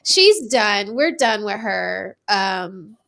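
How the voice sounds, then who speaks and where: A woman's voice: mid-range voice, animated, extremely slow, gravelly, fairly bright tone. A woman hosting a podcast in casual chat, leaning on "like" and "um" as she talks. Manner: leans on "like" and "um", giggly. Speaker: podcast host.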